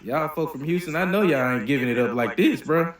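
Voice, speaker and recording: A man hosting a movie reaction video, giving blunt, profane, animated opinions in casual commentary. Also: on the high side, brisk, roomy sound, over loud music.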